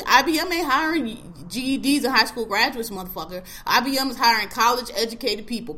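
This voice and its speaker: A woman's voice: a little high, pushed and bright. A woman podcast co-host delivering a blunt, heavily profane ranting monologue, scolding listeners and hammering on repeated phrases. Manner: fast-paced, emphatic, keeps repeating a phrase.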